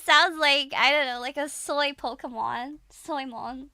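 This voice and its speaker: A woman's voice: sits high, very animated, takes it slowly, pushed and bright, no echo, clean studio sound. A woman streamer chatting casually as she reacts to a video, giggling and playfully imitating accents.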